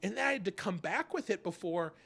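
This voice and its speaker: A man's voice: high-pitched, expressive, fairly quick, vocal fry, sharp tone, voice pushed up, exaggerated voice. A man voicing an exasperated young boy who complains and swears about hauling water.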